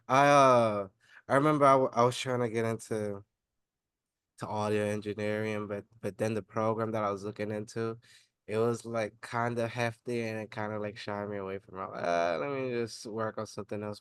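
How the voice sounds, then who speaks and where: A man's voice: on the low side, smooth, no echo. A man hosting a podcast, asking loose, rambling questions in casual slang with frequent restarts. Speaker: podcast host. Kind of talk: casual interview.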